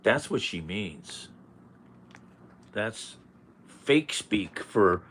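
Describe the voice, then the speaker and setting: A man's voice: on the low side, sing-song, very slow, pauses often, a bit bright, slightly rough. A man vlogging, giving casual rambling commentary with a mocking edge and many fillers. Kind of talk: casual commentary while cooking.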